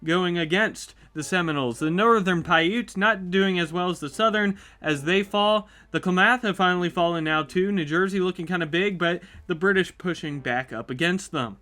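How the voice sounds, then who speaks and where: Speaking at normal speed with few pauses, a high-voiced YouTube host narrates a map simulation play by play. He keeps it chatty and upbeat, getting excited as events happen.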